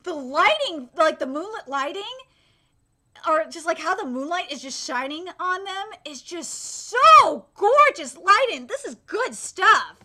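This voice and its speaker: A very high, bright-toned young woman in her late twenties hosts a live anime reaction. She gushes excitably, swears freely and breaks into loud shrieks of delight. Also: measured pace.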